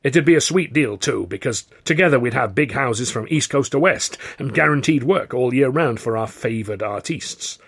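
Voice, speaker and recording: A man voicing a burly, gruff male American theatre boss who growls and barks his words, in a husky voice. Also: medium pitch, lively intonation, normal speed, few pauses, a bit bright, heavily acted. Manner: growling, barking.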